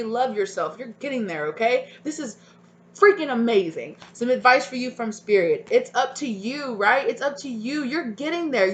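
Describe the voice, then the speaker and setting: A woman's voice: on the high side, a bit bright. Woman, tarot reader, encouraging, repeats herself, emotional, faint hum behind. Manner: emphatic and encouraging, repeats "right?" and "okay?"; spiritual, emotional, sometimes near tears. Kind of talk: pick-a-card tarot reading to viewers.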